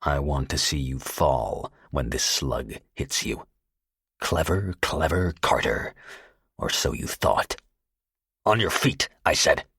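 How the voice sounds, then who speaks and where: A man's voice: very deep voice, normal speed, a bit bright, breathy edge, no room sound, studio quality, full character voice. A man doing a cold, venomous young gunman. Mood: menacing. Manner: menacing, venomous. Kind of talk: audiobook character voice.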